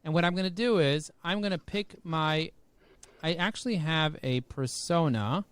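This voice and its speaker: Energetic male guest, slightly high voice, dry close sound, quick punchlines. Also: clear, resonant tone, no echo. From United States. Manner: high-energy, punchy, jokey, rhyming catchphrases. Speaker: podcast guest. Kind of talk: energetic podcast interview.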